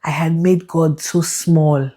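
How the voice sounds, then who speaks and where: A young woman telling her faith testimony in an animated, emotional way, laughing and acting out the people in her story. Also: sits low, slow pace. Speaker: vlogger sharing a faith testimony.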